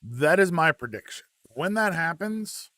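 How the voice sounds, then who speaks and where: A man hosting a relaxed live wrestling chat, reading out viewer comments with plenty of ums and uhs. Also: a little high, unhurried, no echo.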